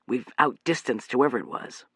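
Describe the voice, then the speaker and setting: A man doing a hushed, cautious man. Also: mid-range voice, animated, normal speed, slightly rough, no echo, clean studio sound. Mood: tense. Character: cautious man, whispering and tense.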